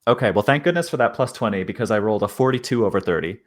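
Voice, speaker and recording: A man's voice: fairly low pitch, expressive, rapid-fire. A man playing a tabletop game, rambling as he describes his character's actions. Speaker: player.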